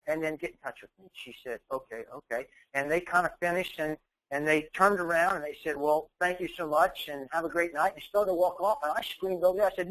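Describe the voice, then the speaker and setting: Man, motivational speaker, higher-pitched voice, emphatic storytelling. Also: a bit bright, rough recording. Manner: storytelling with emphatic, rising quoted dialogue. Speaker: keynote speaker. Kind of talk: motivational speech.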